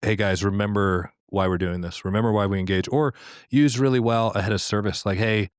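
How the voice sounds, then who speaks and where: A man hosts a casual podcast conversation, his voice sitting very low. He affirms his guest readily and poses clear, structured questions. The recording is dry and close. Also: steady tone, a little fast, dry recording. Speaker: podcast host and worship leader.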